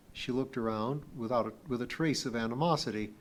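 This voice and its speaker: A man reading an audiobook novel aloud in a measured, plain storytelling manner. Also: mid-range voice. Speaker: audiobook reader. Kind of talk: scripted narration.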